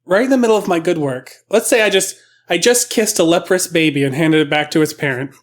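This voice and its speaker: A man's voice: fairly high pitch, brisk. A young man co-hosting a comedy podcast, improvising a rambling story and laughing as he acts out the characters. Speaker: podcast co-host.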